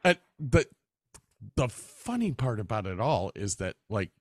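On his podcast, a man spins anecdotes in a casual chat, laughing, cursing freely, and voicing the characters in them. His mid-range, slightly mellow voice swings widely in pitch at a measured pace. The recording is dry and clean, made on a studio mic.

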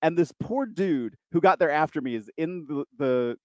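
A man with a slightly higher voice tells self-deprecating stories in a casual chat and tosses in quick asides. The sound is dry and close. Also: animated, no echo.

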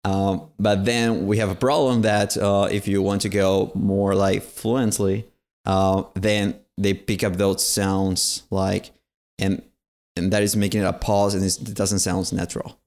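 Man, fairly low voice, hesitant host, pauses often. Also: level tone, darkish tone. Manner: hesitant, pauses to search for words. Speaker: host and language teacher. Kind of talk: casual interview chat.

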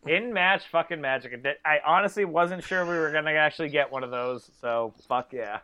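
A man co-hosting a casual podcast, blunt and excitable, swearing freely. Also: on the high side, fairly quick. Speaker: podcast co-host. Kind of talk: casual chat watching wrestling.

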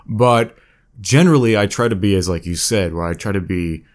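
A man's voice: fairly low pitch, moderate pace. A man in casual conversation, rambling and self-deprecating, often restarting his sentences. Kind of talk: casual chat.

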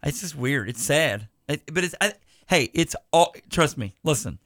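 Podcast host guy, kinda high voice, rambles and jokes around, dry close mic. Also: animated, normal speed, a bit bright, dry recording. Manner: rambling, restarts and side jokes. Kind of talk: casual chat.

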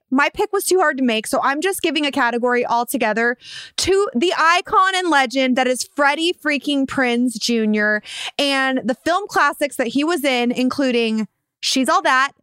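A woman's voice: sits high, fairly bright tone, clean tone, dry recording, clean studio sound. A woman in her thirties chatting casually as a co-host, teasing and playful. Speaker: podcast co-host. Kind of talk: casual chat.

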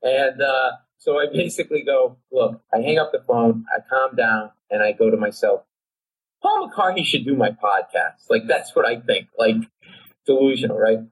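A man, a comedian, telling a comic story on a podcast in an excitable way that keeps jumping into high, shouted asides. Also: normal speed, poor audio. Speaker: comedian guest.

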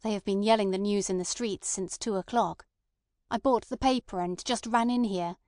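A woman's voice: medium pitch, fairly even intonation, moderate pace, darkish tone, dry recording, studio quality, natural voice. A woman voicing an impatient, resentful male anarchist in an audiobook, blunt and agitated.

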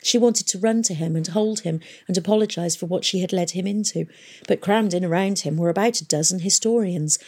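A woman narrating a storybook reading in a steady, expressive way. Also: lowish voice, slightly rough. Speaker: audiobook narrator.

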